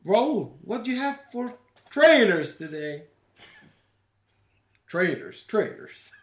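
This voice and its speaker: A man co-hosting a casual movie news chat, animated and laughing often. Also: sits high, slow pace, roomy sound. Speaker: co-host.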